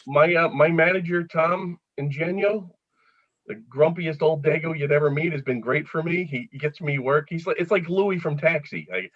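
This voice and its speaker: A man's voice: a little high, moderate pace, dry recording. A middle-aged man with a Philadelphia accent, a comedian chatting as a guest and telling jokey stories that he laughs at himself. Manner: joke-telling storyteller, laughs at his own lines. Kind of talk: casual chat. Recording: dull lo-fi sound.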